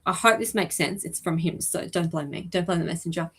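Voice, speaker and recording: A woman hosting a live stream as an animal communicator, talking gently and chattily with many ums and asides. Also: fairly low pitch, brisk, a little hiss or hum. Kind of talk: live-stream reading for viewers.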